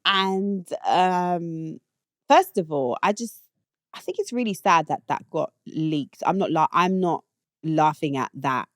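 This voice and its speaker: A British woman with a lowish voice, talking bluntly and opinionatedly in a casual solo monologue. She speaks into a dry, close mic with no room sound. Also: dry recording. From Britain. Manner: blunt and opinionated, rising to indignant outbursts. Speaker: show host.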